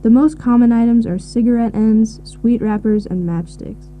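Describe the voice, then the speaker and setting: A woman giving measured, informative answers in a scripted listening recording. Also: fairly high pitch, mellow. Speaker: expert answering questions. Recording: tinny phone-like audio with faint hiss.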